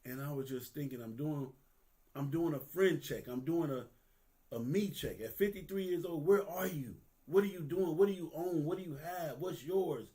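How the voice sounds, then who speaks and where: A man's voice: fairly high pitch, normal speed, mellow. A man, giving a candid, earnest monologue that is profane and casual, with phrases repeated for emphasis. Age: 50s. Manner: profane, street-casual talk. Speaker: vlogger.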